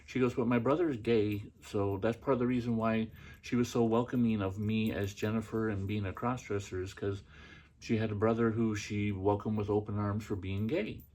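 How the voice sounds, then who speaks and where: A man's voice: lowish voice, fairly even intonation, moderate pace, a little mellow. A middle-aged man hosting a podcast, telling a personal story in a casual, chatty way with many fillers and restarts. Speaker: podcast host.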